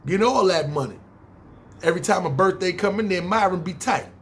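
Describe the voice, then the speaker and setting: A man with a New York accent spins a story from his past on his podcast. His voice sits a little high for a man. He talks in loose, animated street slang with plenty of swearing. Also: brisk. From Harlem, New York. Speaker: podcast host. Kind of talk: casual storytelling.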